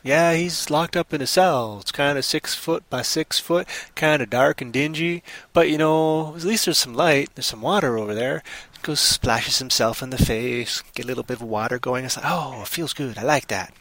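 A playful man hosts a live stream, spinning a made-up story and teasing his co-host. His voice is bright and forceful, recorded bone-dry and close to the mic. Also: medium pitch, normal speed, dry recording. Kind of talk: improvised storytelling and banter.

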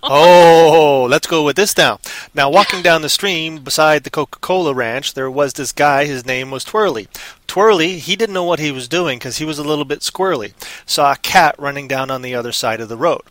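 A man's voice: on the high side, moderate pace, fairly bright tone, no room sound. A man co-hosting a livestream, rambling through silly made-up stories in a goofy, random way. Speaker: stream co-host. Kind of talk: silly improvised storytelling on a livestream.

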